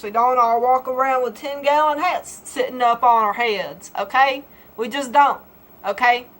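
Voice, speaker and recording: A woman's voice: on the high side, a bit bright, low-quality recording. A young woman from Georgia with a Southern accent, vlogging in a playful, folksy way with an exaggerated drawl. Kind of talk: comedic casual vlog.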